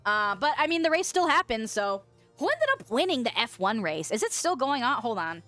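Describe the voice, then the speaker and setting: A woman's voice: a little high, very animated, normal speed, pushed and bright, soft background music. A young woman streamer from the western United States, chatting casually, reading viewer comments aloud, swearing freely and laughing often.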